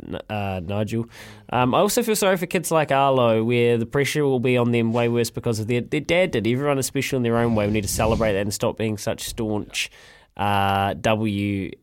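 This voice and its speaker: A man, a radio host reading out listener messages briskly. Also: mid-range voice.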